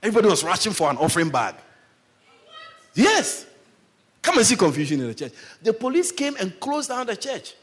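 A man preaching, telling a personal story with lively delivery and acted-out quotes. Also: high-pitched, fast, few pauses, breathy edge. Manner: animated storyteller, acts out quoted voices. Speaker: pastor. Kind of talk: sermon storytelling.

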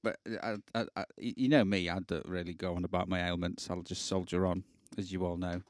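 A man's voice: deep voice, fairly even intonation, brisk, dry recording, studio quality. A man co-hosting a podcast, joking and rambling in casual banter and laughing often. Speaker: podcast co-host.

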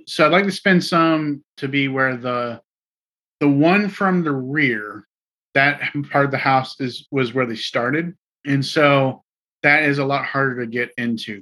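A man's voice: mid-range voice, bright, forceful tone. A man playing a tabletop game, speaking hesitantly with many fillers. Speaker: player. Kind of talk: casual tabletop play.

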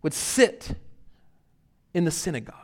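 A man preaching a sermon as pastor, earnest and emphatic, building to loud peaks and then dropping to quiet reflection. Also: on the high side, sing-song, normal speed.

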